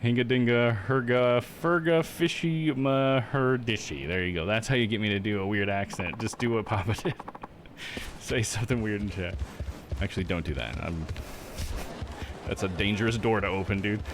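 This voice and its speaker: A man's voice: on the low side, fairly quick, pauses often, noisy background. Laid-back young male streamer. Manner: laid-back, self-deprecating, laughs often. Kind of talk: casual live-stream chat. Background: game music.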